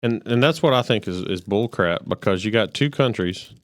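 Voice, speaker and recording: Laid-back guy with a lowish voice agreeing along on a podcast, dry close sound. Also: expressive, moderate pace, no room sound. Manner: easygoing, agreeable, frequent backchannels. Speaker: podcast co-host. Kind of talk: casual chat.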